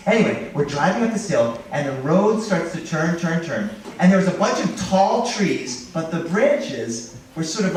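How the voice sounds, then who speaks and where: Animated male storyteller in an echoey room. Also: fairly high pitch, slight background noise. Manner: animated, drops to a hush for suspense and then shouts. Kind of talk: live storytelling to an audience. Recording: roomy, echoing from a distance.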